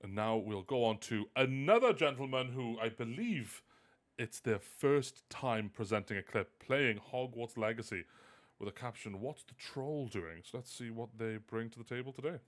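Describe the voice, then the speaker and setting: A man hosting a casual live stream, animated and self-mocking, often laughing. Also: medium pitch, normal speed. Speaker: host.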